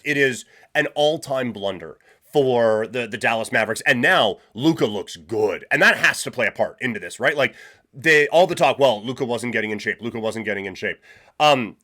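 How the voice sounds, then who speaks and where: A male sports talk host delivers blunt, opinionated takes in a loose, rambling way. He starts over often and leans on fillers, and his voice sits at an ordinary middle pitch for a man. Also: bright, forceful tone. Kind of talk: casual sports commentary.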